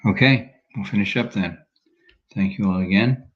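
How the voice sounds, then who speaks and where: A man leading an online class, wrapping up slowly and hesitantly, thinking aloud between words. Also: lowish voice, lo-fi sound. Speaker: class leader. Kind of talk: casual closing remarks on a video call.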